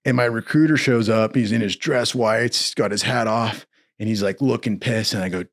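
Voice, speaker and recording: A man's voice: fairly low pitch, moderate pace. A young man from Southern California, casually telling a long personal story, swearing often and acting out the voices of the people in it. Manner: profane, animated, acts out quotes in other voices.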